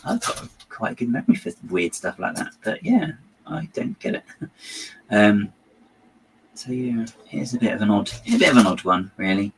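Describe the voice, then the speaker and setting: A man hosting a LEGO building channel chats and rambles as he builds, often trailing off and muttering to himself. His voice is on the low side with big pitch swings at normal speed, on a rough recording with a little hiss or hum.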